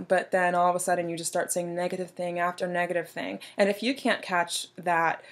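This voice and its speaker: A young woman talks straight to the viewer with earnest encouragement, as she gives self-help advice. Her voice sits fairly low for a woman. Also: level tone, brisk, few pauses. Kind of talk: motivational advice talk.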